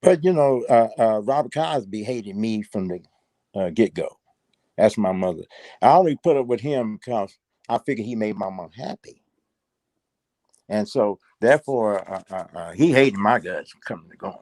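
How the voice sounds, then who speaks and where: Gravelly-voiced older man, rambling. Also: lowish voice, animated, moderate pace, darkish tone, no echo. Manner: rambling, repeats words, many fillers. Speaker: interview guest. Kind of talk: casual interview.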